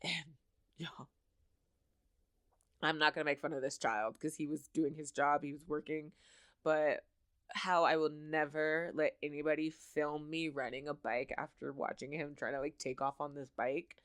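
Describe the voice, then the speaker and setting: Chatty woman host with a lowish voice. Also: steady tone, moderate pace, a bit bright, dry recording, clean studio sound. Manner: chatty, filler-heavy, laughing asides. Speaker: host recapping a TV episode. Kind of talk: casual chat.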